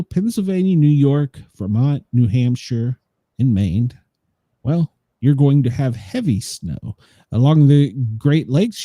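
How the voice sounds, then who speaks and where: A man's voice: mid-range voice, warm tone, no echo. A man, co-hosting a daily news show, reading headlines and the weather in a loose, chatty way and often trailing off with "so". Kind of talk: casual news and weather chat.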